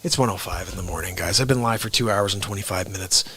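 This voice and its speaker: A man's voice: low-pitched, fast, bright, forceful tone, a little hiss or hum. A man hosting a late-night comedy livestream, rambling casually and laughing at his own bits.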